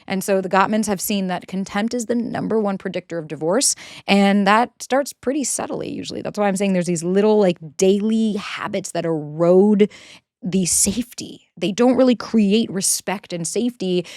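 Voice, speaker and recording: A woman's voice: mid-range voice, normal speed, darkish tone, dry recording, studio quality. A woman in her thirties giving casual relationship advice, blunt and sarcastic, swearing freely. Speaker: relationship coach.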